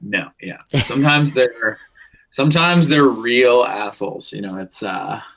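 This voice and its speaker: A man's voice: medium pitch, a little slow, vocal fry, a bit bright, low-quality recording. A man in his thirties from Canada, a musician guest telling stories in casual chat, rambling with many restarts and freely swearing.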